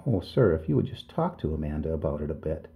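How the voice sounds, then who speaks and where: A man's voice: extremely low pitch, big pitch swings, quick pace, creaky, mellow, voice pushed down, full character voice. A man voicing a worried, tearful middle-aged village mother who pleads deferentially and keeps calling him sir. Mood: worried pleading. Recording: tinny phone-like audio.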